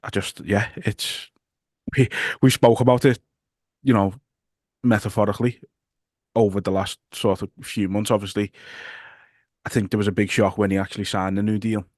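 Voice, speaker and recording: Male podcast host, Liverpool accent, low flat voice, halting delivery, dry room. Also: no echo. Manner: halting, stumbling restarts, nervous laughs. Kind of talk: casual podcast chat.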